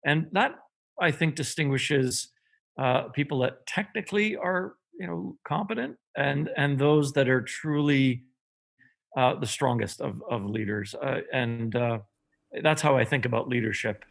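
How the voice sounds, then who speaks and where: Man, canadian accent, gravelly, mid pitch, thoughtful. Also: measured pace. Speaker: guest, business strategist. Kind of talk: podcast interview.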